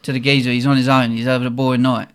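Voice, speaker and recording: A man's voice: mid-range voice, little pitch movement, rapid-fire, clean tone. A young man, a podcast host telling a story in a casual, slangy way and laughing often.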